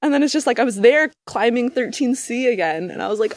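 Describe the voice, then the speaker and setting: A woman, a climber, telling a story as a podcast guest in a casual, animated way full of "like" fillers. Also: a little high, fast talker. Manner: animated, filler-heavy "like" speech.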